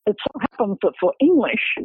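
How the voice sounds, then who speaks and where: A man, a researcher, explaining his book's findings in an academic, halting way, full of repeated words and fillers. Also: sits high, very animated, slightly rough, no echo. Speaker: researcher discussing his book. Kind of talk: explanatory interview talk. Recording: dry, phone-like radio line.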